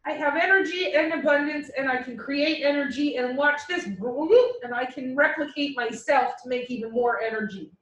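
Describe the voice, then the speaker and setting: A woman's voice: high voice, moderate pace, hardly any pauses, fairly bright tone, echoey room, distant mic, poor audio. A woman voicing a small, boastful male prokaryote cell in a classroom dramatization. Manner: boastful, offering a deal. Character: tiny cocky male prokaryote cell, eager.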